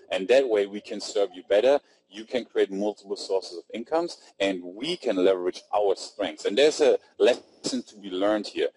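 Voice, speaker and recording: A man's voice: on the low side, a little mellow, husky, poor audio. German-accented man hosting a webinar. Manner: upbeat, chatty, reads out chat names. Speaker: webinar host. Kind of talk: casual webinar talk. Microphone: computer mic on webinar.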